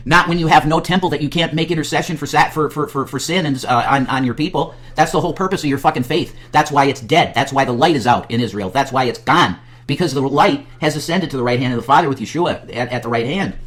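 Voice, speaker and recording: A man's voice: mid-range voice, a bit bright. A man hosting a podcast, ranting in heavily profane, preaching commentary with frequent restarts. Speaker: podcast host.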